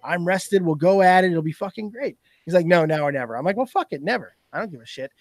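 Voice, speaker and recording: A man in casual podcast chat, telling stories in a profane, animated way. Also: high-pitched, fast, no room sound, clean studio sound. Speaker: podcast guest.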